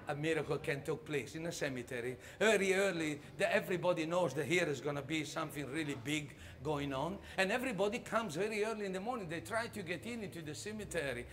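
A man telling a comic story on stage, animated and halting, often laughing as he goes. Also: a little high. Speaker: stage performer.

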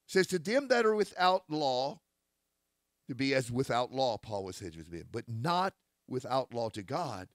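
Male preacher, fiery and scripture-heavy, slightly high voice. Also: no echo, studio quality. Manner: forceful, scripture-quoting, rising to shouts. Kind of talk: critical sermon.

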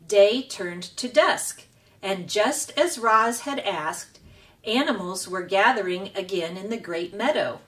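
A woman reading a children's book aloud in a slow, expressive way as a storytime host. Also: medium pitch, distant mic.

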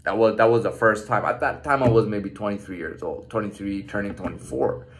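A man's voice: fairly low pitch, brisk. A man in his thirties casually telling a story from his own life, loose and profane, with lots of "like" and "man" fillers. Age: 30s. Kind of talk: casual personal storytelling monologue.

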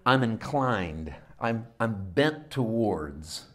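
A middle-aged man preaching a sermon, dropping into hushed low asides and rising to loud emphatic peaks. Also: animated, very slow. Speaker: pastor.

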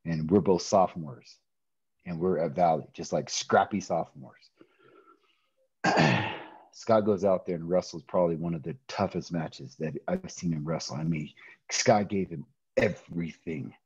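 Deep dark-voiced man telling a story. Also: normal speed, breathy edge, no room sound, dull audio. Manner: animated storyteller, acts out quoted voices, laughs often. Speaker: interview guest, pro wrestler. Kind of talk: storytelling in a podcast interview.

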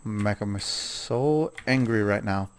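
A man's voice: fairly low pitch, slow pace, a little hiss or hum. A man casually commenting on his own gameplay, chatting to himself and scolding the animals in the game.

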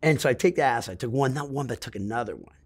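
A middle-aged man in an interview, telling a rambling, profane story in a casual, animated way. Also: mid-range voice, racing, breathy edge. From Great Lakes region of the US.

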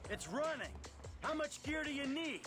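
A man's voice: very high voice, expressive, normal speed. An actor voicing a dry, sarcastic grown man in a video game. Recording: game audio under loud music.

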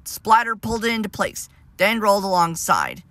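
A man narrating a storybook tale in a plain, steady reading voice with small slips. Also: sits high, normal speed, no room sound.

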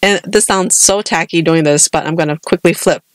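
A woman's voice: deep voice, moderate pace, background noise. Chatty American woman telling a story. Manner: chatty storytelling, many restarts. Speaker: podcast co-host. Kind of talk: casual chat.

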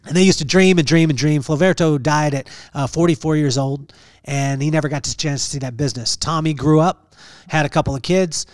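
A man's voice: fairly high pitch, a little fast, dry recording, studio quality. A man hosting a podcast, telling a personal story in an earnest, preacher-like way and repeating phrases for emphasis. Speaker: podcast host.

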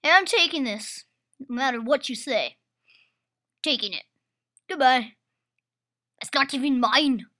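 A woman voices a sneaky male toy thief, muttering low and smug as he grabs his loot. The voice stays high and bright under the dropped tone, and it moves slowly. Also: animated, full character voice.

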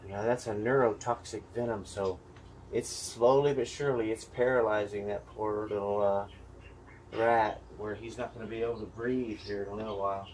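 A man giving chatty, joking live commentary as a zookeeper during a snake feeding, with sudden loud playful outbursts. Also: lowish voice, steady tone, moderate pace, slight background noise, poor audio.

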